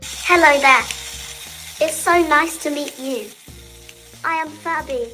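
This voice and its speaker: Woman doing cheerful British robot toy, high bright chirpy voice, faint music. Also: slow pace, heavily acted, poor audio. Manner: cheerful and scripted. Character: talking toy robot plotting world domination.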